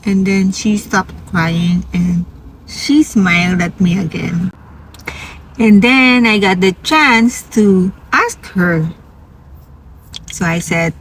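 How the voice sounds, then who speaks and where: Slow, earnest woman telling a story. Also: medium pitch, distant mic, a little hiss or hum, low-quality recording. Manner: slow, earnest, halting, gets emotional. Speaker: nursing assistant. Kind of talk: personal storytelling vlog. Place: inside a parked van.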